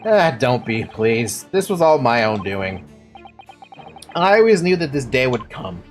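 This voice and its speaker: Brief: woman reading a soft-spoken, formal middle-aged gentleman, low voice, lively inflection. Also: measured pace, faint music behind, heavily acted. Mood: resigned. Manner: formal, apologetic. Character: polite, mild-mannered middle-aged English gentleman.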